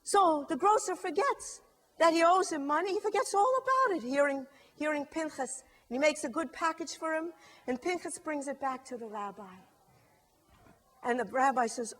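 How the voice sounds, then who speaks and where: A middle-aged woman with a high voice tells a story to a live audience. She is lively and expressive and slips into the characters as she goes. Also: normal speed. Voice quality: lively, acts out characters with shifting voice.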